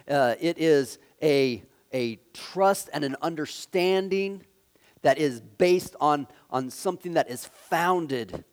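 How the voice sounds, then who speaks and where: A man preaching a sermon, halting with fillers and restarts, swinging from loud emphasis down to hushed, quiet phrases. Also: on the high side. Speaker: pastor.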